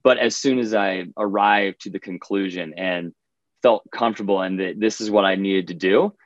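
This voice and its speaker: Low-voiced man on a dull remote call. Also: no echo. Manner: candid, halting, with many restarts. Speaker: podcast guest, professional runner. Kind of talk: casual interview answers.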